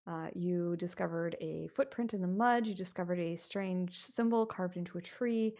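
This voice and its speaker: A woman's voice: fairly low pitch, normal speed, warm tone. A woman running a tabletop horror game as game master, narrating steadily with many fillers.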